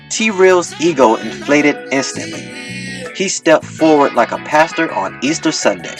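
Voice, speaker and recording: A man narrating a comedy audiobook with deadpan comic timing on a close mic. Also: a little high, unhurried, faint music behind.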